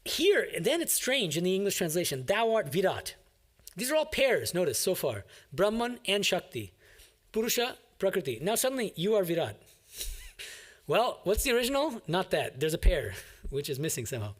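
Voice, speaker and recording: A man's voice: high-pitched, sing-song, normal speed, fairly bright tone. A man, a monk, giving an emphatic, explanatory commentary on a scripture reading to a class.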